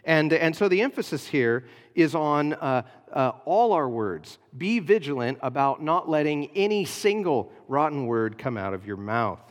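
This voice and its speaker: A pastor preaching a sermon, explaining a passage in an earnest teaching manner with frequent hesitations. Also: male voice, fairly high pitch, sing-song, unhurried, few pauses, long reverb tail.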